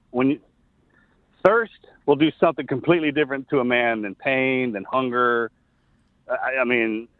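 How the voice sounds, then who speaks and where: A middle-aged former soldier, appearing as an interview guest, tells a personal story earnestly but haltingly, often restarting sentences. He has a medium pitch, and his voice arrives over a thin, tinny phone line with no room sound.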